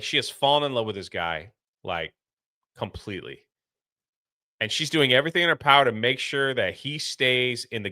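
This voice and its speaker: A man co-hosting a casual movie review, retelling the plot in an animated way and acting out the characters' lines. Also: mid-range voice, dry recording, clean studio sound. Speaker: podcast co-host.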